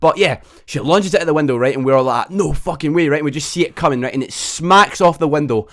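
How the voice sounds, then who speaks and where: A young vlogger with a fairly bright voice on the high side tells a storytime tale fast. He swears constantly and tags "right?" onto nearly every line.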